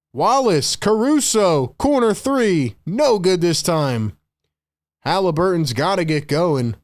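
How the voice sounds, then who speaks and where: A young man with a slightly high voice calls a basketball game live for his stream, fired up and chatty. He hollers at big shots, begs the chat for likes and jumps between plays and hot takes. His delivery is loose, fast and animated, like a fan behind a desk mic. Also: no room sound, clean studio sound. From Philadelphia area. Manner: excitable, hypes the chat, shouts at big plays. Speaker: live stream host doing play-by-play.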